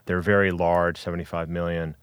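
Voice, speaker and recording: A man's voice: low-pitched, level tone, a little fast, clean tone, no echo. A man hosting a podcast, asking long, carefully framed questions. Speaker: podcast host. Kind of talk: interview questions.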